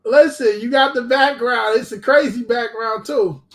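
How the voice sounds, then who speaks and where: High-voiced animated man with a New York accent. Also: normal speed. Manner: animated, profane storytelling with shouted bits. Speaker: guest artist. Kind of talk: casual live show chat.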